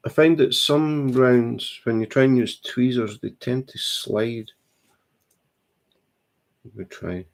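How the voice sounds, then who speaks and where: A man's voice: medium pitch, slow pace, vocal fry, pauses often. A Scottish man chatting casually at home about his crafting hobby, plainspoken and dry. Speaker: co-host, diamond painting hobbyist. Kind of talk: casual chat. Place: home, indoors.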